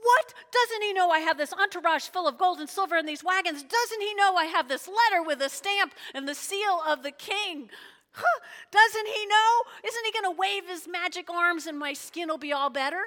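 Woman playing a hot-tempered male commander, indignant and shouting, high and bright, echoey hall. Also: normal speed. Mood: furious. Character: proud enemy army commander, male, adult, quick-tempered.

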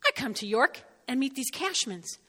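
A middle-aged woman from North Jersey with a New Jersey accent, giving an animated sermon and often checking in with her listeners. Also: sits high, normal speed, breathy edge, long reverb tail. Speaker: speaker. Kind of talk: sermon with personal storytelling.

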